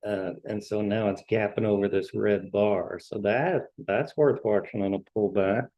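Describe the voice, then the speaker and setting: A man's voice: fairly low pitch, steady tone, no echo, highs cut off. A man hosting a trading show, going through stock charts in casual market commentary and often restarting his words as he scans. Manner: halting, repeats words while scanning charts.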